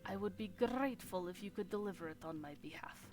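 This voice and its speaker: A woman's voice: lowish voice, moderate pace, over music, close to an everyday voice. A woman voicing a male hunter in a mock Russian accent, speaking in formal, archaic phrases. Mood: grave, grateful.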